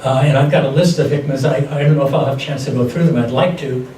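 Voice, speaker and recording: A man's voice: medium pitch, quick pace, mellow. An older man giving a seminar talk, teaching in a conversational, anecdotal way with frequent restarts. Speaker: seminar speaker. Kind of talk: lecture on holistic health. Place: lecture hall. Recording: echoey hall, distant mic, faint noise.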